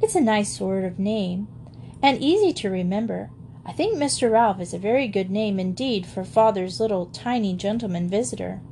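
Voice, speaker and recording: A woman's voice: mid-range voice, expressive, moderate pace, creaky, warm tone, slight background noise. A woman voicing a spoiled, merry little rich girl who chatters eagerly in an old storybook. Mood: curious.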